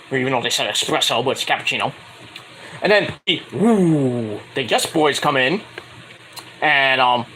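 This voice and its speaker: A young man recaps a wrestling match in a loose, crude, joking way, stumbling through fillers as he goes. His voice is bright and bouncy, swinging widely in pitch. A faint hiss sits under the recording. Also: poor audio. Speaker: wrestling show reviewer. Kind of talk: casual recap commentary.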